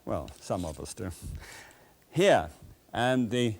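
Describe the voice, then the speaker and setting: A man's voice: on the low side, very animated, slow, creaky, a little mellow, husky. A man hosting a cooking show, chatting straight to the viewer with playful, folksy asides.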